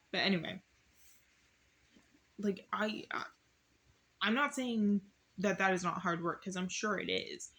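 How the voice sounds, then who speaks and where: A young woman with a slightly hoarse voice, casually talking through a Bible study at home, reading verses aloud and rambling between them. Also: mid-range voice, fairly bright tone. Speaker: YouTuber doing Bible study.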